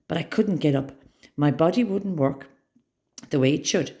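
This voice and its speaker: A woman reading a children's story aloud with expressive, dramatic storytelling. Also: sits low, moderate pace.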